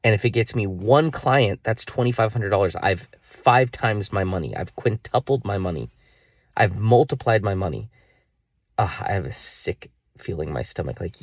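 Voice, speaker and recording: A man in his thirties vents into the camera in a frustrated video diary, rambling and scolding himself. His voice sits fairly low, and the sound is dry and close with almost no room echo. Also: moderate pace. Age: 30s. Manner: self-scolding, exasperated, swears, rambling. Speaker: vlogger.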